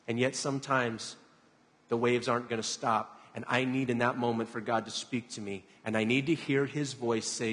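A male pastor giving a sermon, soft and reflective, building to dramatic emphasis in places. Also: medium pitch, long reverb tail.

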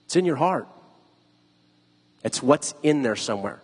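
A man's voice: medium pitch, expressive, a little slow, slightly rough, big-room sound. A pastor giving a conversational sermon, putting questions to his listeners. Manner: conversational, asks the audience questions.

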